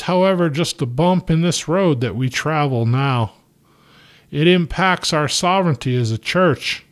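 Man reading as a resolute, slow-preaching small-town pastor. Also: medium pitch, close to an everyday voice. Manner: firm, measured preaching with emphatic rises. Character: steadfast male small-town pastor defying the government. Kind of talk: sermon from the pulpit, read from a novel.

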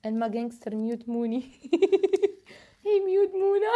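A woman's voice: very high voice, mellow, lo-fi sound. A woman hosting a casual livestream, chatting playfully with viewers in simple broken English and laughing often. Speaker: livestream host.

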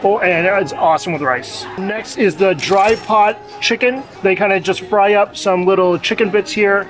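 A man with a notably high voice guides a food tour. He explains each dish in a relaxed, casual way at a restaurant table, with faint music behind him. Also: normal speed. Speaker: local food guide guest.

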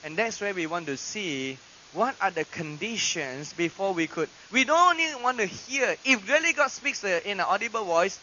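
A male pastor preaching a sermon in a church, swinging dramatically between loud proclamations and hushed asides. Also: high voice, animated, moderate pace. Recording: dull lo-fi archive recording with hiss.

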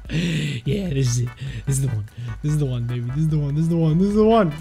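Excitable young man on game commentary. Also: on the high side, fast, creaky, soft background music. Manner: excitable, yelps and shouts when things go wrong. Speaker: gaming YouTuber.

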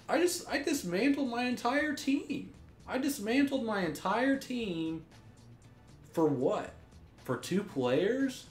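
A young man giving gameplay commentary, ranting in exasperation, swearing and restarting his sentences. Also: mid-range voice. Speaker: gaming YouTuber. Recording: roomy echo with faint music.

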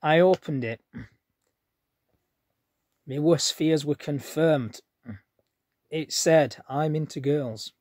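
A man's voice: a little high, slow, long pauses, darkish tone, no echo, clean studio sound. A man telling a rambling personal story straight to his viewers in a chatty, plain-spoken way. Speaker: vlogger. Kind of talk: casual storytelling to camera.

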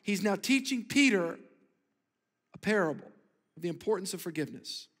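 Pastor, male, high-pitched, fervent sermon delivery with call-and-response, long hall reverb. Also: expressive, moderate pace, a bit bright. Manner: emphatic preaching, calls on the congregation to repeat words. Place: church sanctuary.

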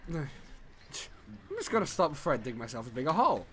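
A young man in his late teens, a little drunk, does casual let's-play commentary in a higher, lively voice at an unhurried pace. He rambles, giggles, swears a lot, and loses his train of thought while gaming. There's slight background noise.

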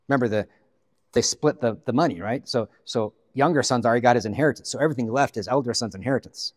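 A man from the Pacific Northwest, a guest pastor, preaching a sermon in an animated storytelling way, with joking asides. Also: mid-range voice, fast, long reverb tail.

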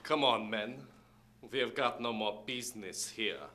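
A man's voice: mid-range voice, unhurried, sharp tone, a little hiss or hum. A man doing a brash German thug. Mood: blunt. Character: brash, blunt German-accented male thug.

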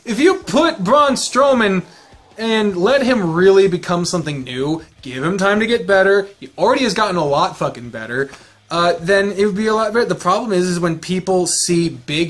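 A man hosting a casual chat, excitable and ranting with heavy swearing. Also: high-pitched. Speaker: host.

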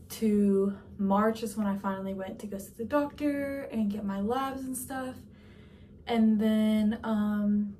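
A young vlogger from Georgia, slightly out of breath, gives a casual update from her office at work, rambling chattily with plenty of fillers. Her mid-range voice has a dark tone and sounds far from the mic, with slight background noise.

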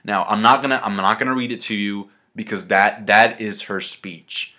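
Excitable, foul-mouthed man with a bright edge. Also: lowish voice, moderate pace. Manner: excited, profane, slangy. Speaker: manga reviewer. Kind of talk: casual video review.

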